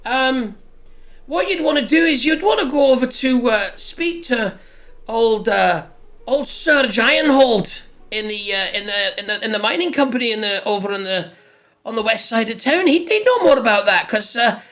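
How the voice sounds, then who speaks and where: A game master putting on a gossipy older barmaid in a tabletop game, a put-on lilt, friendly and wandering from point to point. The pitch sits mid-range. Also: expressive, normal speed, fairly bright tone, close to an everyday voice. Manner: gossipy, helpful, meandering. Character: chatty older woman barmaid.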